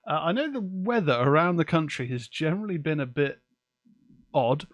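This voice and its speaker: An English man hosts a live-streamed podcast from his home office, windows open, speaking into a desk microphone. His voice is on the high side and animated at a moderate pace, chatting casually and swearing offhandedly, with no room sound and the highs cut off.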